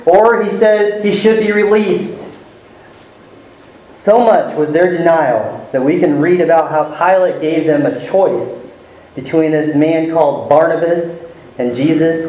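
Teaching a sermon verse by verse, a pastor with a high, slightly mellow voice stresses key words with rising emphasis. The room is very echoey, with faint ambience.

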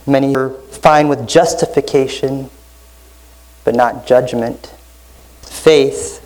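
Slow, emphatic preaching man. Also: medium pitch, a little mellow, low-quality recording. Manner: earnest, emphatic preaching with deliberate slow stresses. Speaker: pastor. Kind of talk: sermon.

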